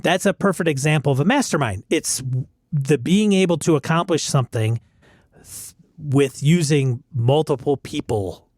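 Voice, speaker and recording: A man co-hosting a podcast, chatting casually and quickly, pushing back on his co-host's points. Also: on the high side, darkish tone, dry recording, studio quality. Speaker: podcast co-host. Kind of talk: casual chat.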